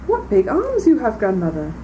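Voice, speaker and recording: Storybook little girl, innocent and wide-eyed, put on by a woman; soft, warm tone, faint hiss. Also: huge pitch swings, normal speed, muffled recording. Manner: high, wide-eyed childlike voice. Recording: distant mic, faint background noise.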